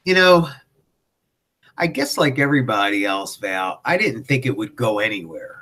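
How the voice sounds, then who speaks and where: An older man chatting casually as a guest, halting and full of fillers. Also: on the low side, big pitch swings, pushed and bright. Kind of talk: casual interview chat.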